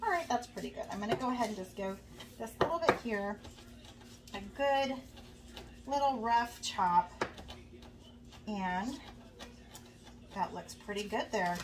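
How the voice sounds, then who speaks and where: Cooking in her home kitchen, a young woman chats with her viewers in a friendly, rambling way full of fillers. Her medium-pitched voice is animated, with a measured pace and frequent pauses. She's a bit distant from the mic, with faint background noise.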